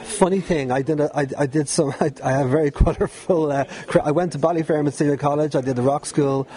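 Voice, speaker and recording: A man's voice: fairly high pitch, quick pace, warm tone. A middle-aged man with a Dublin Irish accent, chatty and rambling as an interview guest, laughing often while telling stories. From Dublin, Ireland. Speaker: guest, former pirate radio DJ. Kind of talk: relaxed storytelling interview.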